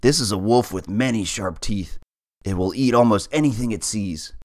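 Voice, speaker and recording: A man voicing a fearful young male cat in a storybook, excitable and quick to imagine danger. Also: fairly low pitch, no room sound, studio quality, close to an everyday voice.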